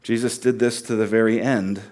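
A man preaching a sermon in an earnest, conversational way, dropping to a hush and then rising to loud, emphatic peaks. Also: fairly low pitch, fairly even intonation, normal speed. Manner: swings from hushed, quiet delivery to loud, near-shouted emphasis. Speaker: pastor.

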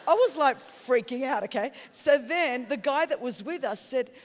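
A woman's voice: high voice, animated, moderate pace. Passionate Australian woman preaching in a hall. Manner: passionate, storytelling, bursts into shouts. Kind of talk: sermon. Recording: long hall reverb in a big venue.

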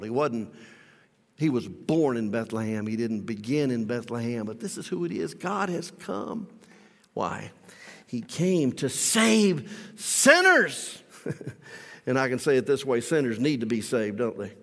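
A male pastor preaching a sermon in a church, emphatic, swinging from loud declarations to soft asides. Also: medium pitch, sing-song, a little slow, in a large hall.

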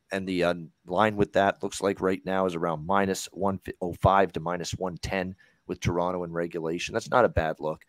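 Hosting a hockey betting show, a low-voiced man chats casually, packing his talk with fillers and the odd swear word as he rambles. The recording has no room sound.

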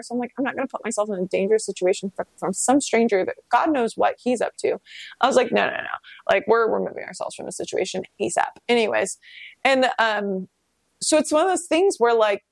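A woman's voice: fairly high pitch, no room sound. A woman, possibly in her thirties, talking casually about self-reflection and telling stories in a candid way, swearing freely and acting out quoted dialogue. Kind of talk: casual self-help monologue.

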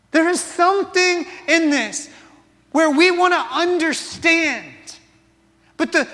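A man preaches in a high, bright voice with a long hall reverb behind him. He speaks slowly and with passion, putting rhetorical questions to the congregation. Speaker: pastor. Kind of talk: sermon.

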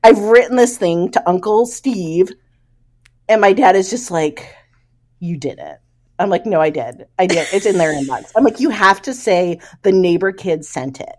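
A woman's voice: medium pitch, moderate pace. A middle-aged woman co-hosting a podcast, telling a funny story from her past in casual chat. She laughs often and acts out the people in it. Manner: animated, laughing storyteller who acts out quoted voices. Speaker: podcast co-host.

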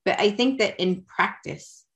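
A woman's voice: mid-range voice, a little slow, a bit bright. A woman talking as a podcast guest from home, candid and chatty, with an emotional, self-mocking way of talking. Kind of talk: candid personal conversation.

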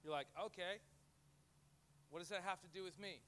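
Lively, bright-voiced male pastor preaching. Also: sits high, normal speed, a little hiss or hum. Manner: lively and jokey, acts out quoted voices. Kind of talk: sermon. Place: church before a live audience.

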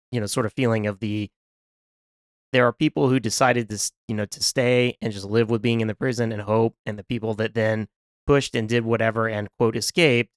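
A man's voice: mid-range voice, smooth, dry recording, studio quality. A man co-hosting a film podcast, reflecting aloud in a casual discussion. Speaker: podcast co-host.

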